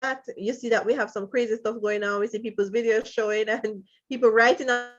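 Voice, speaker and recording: A woman's voice: fairly high pitch, steady tone, brisk, highs cut off. A woman teaching freelancing in a live online session, talking casually and emotionally, with small laughs between phrases and repeated apologies. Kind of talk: live-stream chat. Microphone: computer mic on a live video call.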